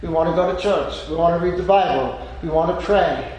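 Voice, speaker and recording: Male preacher, high register, deliberate emphatic sermon delivery, very echoey hall, faint hiss. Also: a little mellow. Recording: echoey hall with long reverb.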